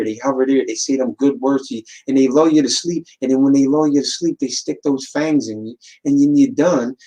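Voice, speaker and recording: Man, podcast host, casual motivational talk, repeats for emphasis, mid pitch. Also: warm tone, low-quality recording. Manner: preachy, repeats words for emphasis, acts out quotes.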